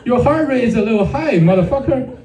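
A man's voice: extremely high pitch, expressive, a little fast, dark tone, echoey room, some chatter behind, pitched above the performer's own voice. A man voicing a bossy male smartwatch assistant that swears while it cheers him on and gives orders. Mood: scolding. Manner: chirpy, swearing praise and orders.

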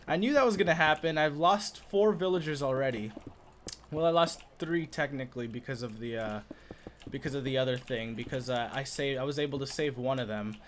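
A chatty, excitable man commentating his own gameplay for viewers, in a slightly higher-than-average voice. He rambles with plenty of "uh"s. Faint keyboard clicks sit behind him. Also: slight background noise. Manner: chatty and excitable, many filler "uh"s. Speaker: gaming video host. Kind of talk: casual let's-play commentary.

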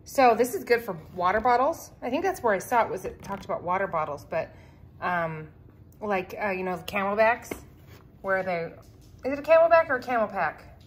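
A woman's voice: medium pitch, sing-song, fairly quick. Chatty woman vlogging in a noisy kitchen. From California, USA. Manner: chatty, rambling, lots of fillers. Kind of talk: casual home cleaning vlog. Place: home kitchen.

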